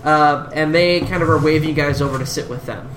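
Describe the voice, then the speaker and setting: A man's voice: a little high, brisk, a bit bright, roomy sound, a little hiss or hum. A man narrating as game master of a tabletop game, rambling with many restarts.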